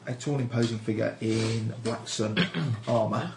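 A man running a tabletop game as its game master, narrating in a dry, unhurried way. His voice rings in an echoey room with noise behind it. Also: fairly low pitch, steady tone, gravelly.

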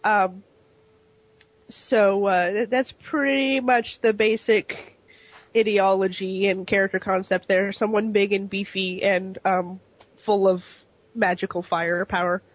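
A woman's voice: mid-range voice, steady tone, unhurried, no room sound, dull audio. Giggly woman at a tabletop game. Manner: giggly, apologetic, chatty. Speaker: player. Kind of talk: casual tabletop game talk.

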